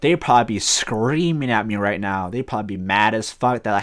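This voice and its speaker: A man hosting a solo sports podcast, talking casually and profanely in a rambling, halting way with lots of fillers and restarts. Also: fairly low pitch, a bit bright. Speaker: podcast host.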